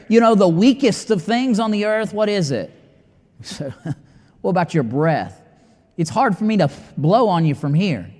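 A man's voice: sits high, long reverb tail. A man preaching a sermon, reading scripture and acting out the doubts of his listeners in dramatic asides.

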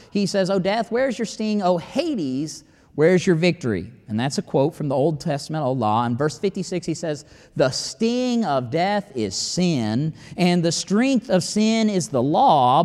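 A man's voice: fairly high pitch, a little mellow. A man preaching a sermon in a folksy, conversational way, quoting scripture. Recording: hall reverb.

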